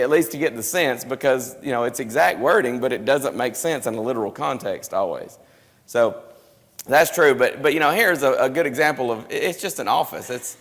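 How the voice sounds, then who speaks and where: Man, Bible class teacher, chatty explaining, church room reverb, mid pitch. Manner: conversational, explanatory, with many restarts. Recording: live stream with hall reverb.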